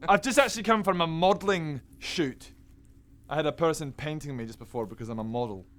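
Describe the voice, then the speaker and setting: A vain, smug male leatherworker who brags that he is a model, played by a man. The voice sits a little high and self-satisfied. It comes from a tabletop game session. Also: fairly quick, close to an everyday voice.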